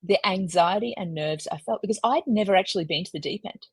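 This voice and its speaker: A woman, a podcast guest, telling stories in a lively, self-mocking way and laughing often. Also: mid-range voice, fast talker, breathy edge, no room sound. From Australia. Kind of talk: casual storytelling in a podcast interview.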